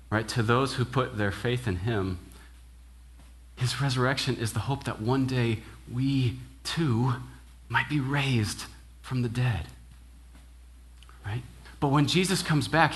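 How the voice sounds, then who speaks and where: A young adult man preaching a conversational sermon as minister, casual and animated, checking in with "right?" and acting out quoted lines. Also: medium pitch.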